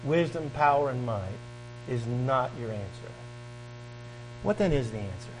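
A man's voice: mid-range voice, animated, a little slow, slight background noise, low-quality recording. A male pastor delivering a sermon, reading scripture aloud and driving points home with a rising and falling preaching cadence and repeated questions.

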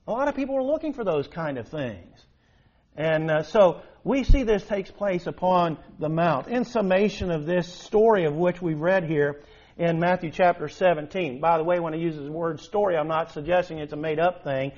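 A man preaching a sermon in an animated way, with emphatic rises and rhetorical questions. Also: fairly high pitch, moderate pace. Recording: dull lo-fi recording.

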